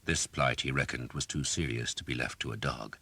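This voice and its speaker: A man reading an audiobook in a measured, dramatic narration style, close to a studio mic. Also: extremely low pitch, pushed and bright, breathy edge, no echo. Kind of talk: scripted narration.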